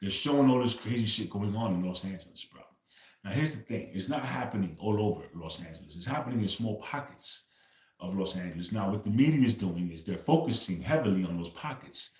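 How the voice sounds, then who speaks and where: A man's voice: on the low side, expressive, fairly quick, a little mellow. Man chatting loosely in a roomy space. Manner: loose storytelling, says "bro" after nearly every phrase. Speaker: livestream host. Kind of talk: casual livestream chat.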